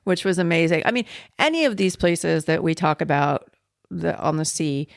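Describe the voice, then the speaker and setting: A woman from California co-hosting a podcast, chatting in a relaxed, teasing way. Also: low voice, gravelly, no echo, studio quality. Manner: relaxed, teasing, drawn-out delivery. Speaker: podcast co-host. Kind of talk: casual travel chat.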